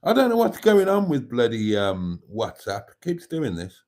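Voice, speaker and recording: A man's voice: mid-range voice, huge pitch swings, normal speed, a little mellow. A man hosting a casual livestream, reading out viewer comments and laughing heartily. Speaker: livestream host.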